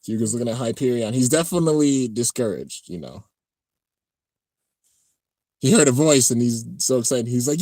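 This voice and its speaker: A man hosting a casual live-stream reaction, talking excitedly and rambling as he comments on an episode. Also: medium pitch, a little fast, pauses often, no echo, clean studio sound. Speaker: channel host reacting to an anime episode.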